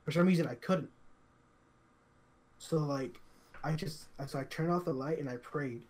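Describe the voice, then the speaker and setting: Young man telling a story haltingly. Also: a little high, a little mellow. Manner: halting, repetitive, full of "like" and restarts. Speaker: podcast co-host. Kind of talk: casual storytelling chat.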